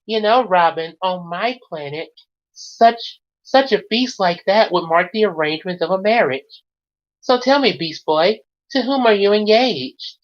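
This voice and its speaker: A woman's voice: mid-range voice, expressive, unhurried, close to an everyday voice. A woman voicing an earnest alien princess in a cartoon scene. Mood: curious. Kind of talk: cartoon dialogue. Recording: lo-fi clip from far off.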